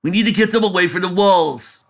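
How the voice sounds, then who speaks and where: A man's voice: sits high, brisk, pitched above the performer's own voice. A man voicing a commanding young male dragon warrior in a fan story reading.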